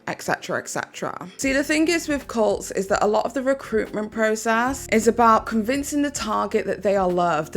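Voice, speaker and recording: A woman giving scripted commentary in a measured, explanatory way. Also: medium pitch. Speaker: commentary YouTuber.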